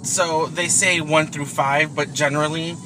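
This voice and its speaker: A chatty, rambling man with a slightly high voice, chatting casually from the seat of a moving car. Road noise hums clearly behind him, and he fills his talk with ums and likes and frequent laughs. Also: level tone, a little slow. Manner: laughs often, rambling with many fillers. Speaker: podcast co-host. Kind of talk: casual chat.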